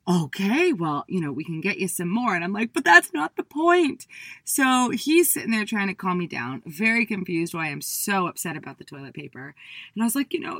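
A woman in her thirties giving a talk, telling a personal story with lively acted-out quotes of her past self. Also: no echo. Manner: animated, acts out her own past voice in high bursts. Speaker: speaker.

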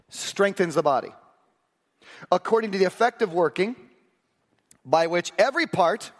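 Male pastor, sermon delivery, animated storyteller with acted asides, fairly high voice, long reverb.

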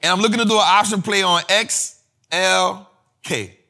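A man's voice: sits high, moderate pace. A man hosting an investing show, teaching finance terms in a casual, slangy way with lots of repetition. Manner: slangy, repetitive, animated explaining.

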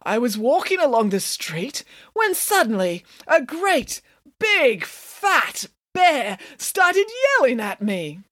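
A woman's voice: on the high side, sing-song, slow pace, fairly bright tone, pitched above the performer's own voice, exaggerated voice. A woman playing a grumpy, pompous dad. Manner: blustering and sulky. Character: grumpy, pompous middle-aged father. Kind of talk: storybook reading.

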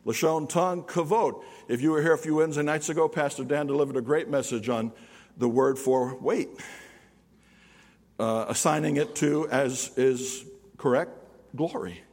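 Older pastor preaching in a reverberant hall. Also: male voice, a little high, normal speed. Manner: animated, swings from loud to hushed, teaching with call-and-response. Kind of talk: sermon. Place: church sanctuary.

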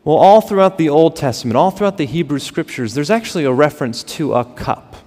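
Male pastor, thirties, dramatic sermon delivery, loud peaks and hushed lows, long hall reverb. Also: lively intonation. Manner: dramatic swings between loud emphasis and hushed, drawn-out words. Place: church sanctuary.

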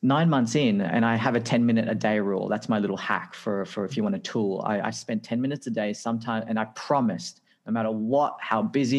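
An Australian man in his thirties, a podcast guest telling his career story in a lively, anecdotal way with frequent laughs. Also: on the low side. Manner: lively anecdotal, acts out dialogue, laughs often. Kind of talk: casual interview storytelling.

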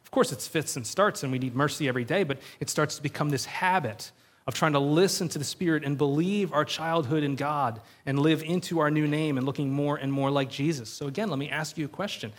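A man preaching a sermon in a casual storytelling way, full of "like" and quick asides, acting out bits of dialogue. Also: on the high side. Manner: animated storytelling with frequent fillers, acts out voices. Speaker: pastor.

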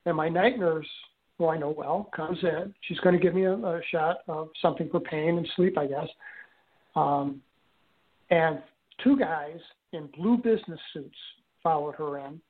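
An older man telling a personal story in an interview, speaking haltingly with frequent restarts and fillers. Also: fairly high pitch. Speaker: guest recounting an experience. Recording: tinny phone-line audio.

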